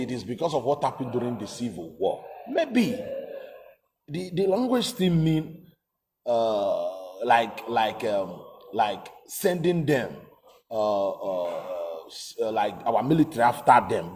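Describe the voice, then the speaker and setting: A man's voice: medium pitch, mellow, a little hiss or hum. A man giving emphatic, casual political commentary, repeating himself and asking rhetorical questions.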